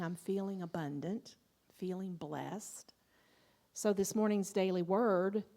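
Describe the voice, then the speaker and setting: A woman's voice: mid-range voice, warm tone. Affirming female minister in church. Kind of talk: sermon and reading. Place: church sanctuary.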